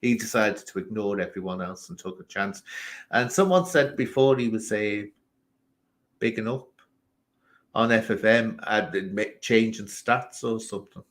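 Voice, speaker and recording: A man's voice: on the low side, normal speed. A man from England hosting a casual live stream, ranting animatedly and talking straight to people in the chat.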